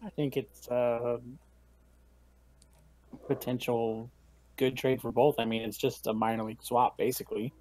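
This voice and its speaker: A man's voice: medium pitch, flat delivery, measured pace, pauses often, darkish tone. A man co-hosting a casual podcast, making dry, offhand remarks. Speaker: podcast co-host.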